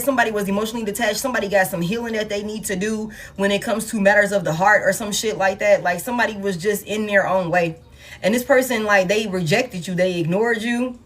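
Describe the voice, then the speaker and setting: A woman giving a casual, blunt and profane tarot reading to her viewers, laughing often. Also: medium pitch. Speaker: tarot reader.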